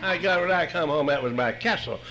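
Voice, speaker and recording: A man's voice: on the high side, fairly quick, pushed and bright, lo-fi sound, a little hiss or hum. An older man, telling his own story at a recovery meeting in a folksy, wry way. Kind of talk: humorous personal storytelling talk.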